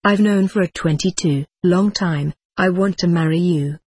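A woman voicing a gentle young man who speaks softly and earnestly. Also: fairly low pitch, normal speed, slightly rough. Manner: soft, tender speech.

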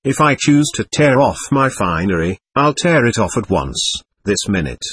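A man's voice: on the low side, very animated, moderate pace, a bit bright, husky, no echo, exaggerated voice. A man reading the lines of a passionate, volatile young woman, proud and wounded, whose tone swings between tenderness and scorn. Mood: scornful.

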